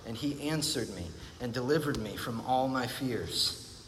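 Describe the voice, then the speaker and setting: A man delivers a sermon in a middling pitch, his earnest, reflective words fading into a long reverb. He repeats phrases often to press his point, and his intonation is lively, his pace measured, his tone a touch bright. Faint noise runs beneath the recording.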